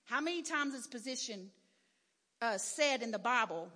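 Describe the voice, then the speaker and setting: A woman gives her testimony from the pulpit in a candid, emphatic way, building to loud proclamations. Her voice sits high, and the long reverb of a large church hall trails after her. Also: expressive, moderate pace. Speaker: preacher giving a testimony. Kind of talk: sermon testimony.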